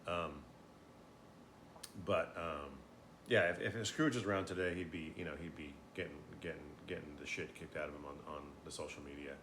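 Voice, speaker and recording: A man's voice: a bass voice, fairly even intonation, normal speed, fairly bright tone, a little hiss or hum. A man chatting casually and a bit tipsily, rambling with frequent swearing, fillers and restarts. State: tipsy. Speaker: host.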